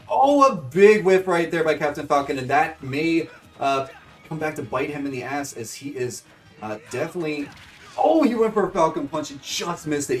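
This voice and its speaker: A man calls fighting game matches in a loose, rambling play-by-play, full of fillers and sudden excited shouts. His voice sits at a middling pitch and sounds a little away from the microphone, with faint music underneath. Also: recorded from a distance. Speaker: streamer commentating AI fight bracket. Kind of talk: casual play-by-play commentary.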